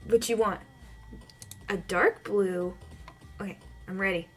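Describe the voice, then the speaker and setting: A woman's voice: medium pitch, steady tone, takes it slowly, soft background music. A woman giving casual let's-play commentary, talking to herself with frequent flustered yelps and laughs. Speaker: gaming channel host.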